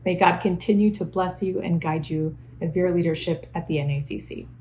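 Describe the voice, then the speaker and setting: A woman's voice: fairly low pitch, fairly even intonation, a little fast, background noise. A woman who works as a director of development records a polished, formal tribute message. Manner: polished, warm-worded, formal.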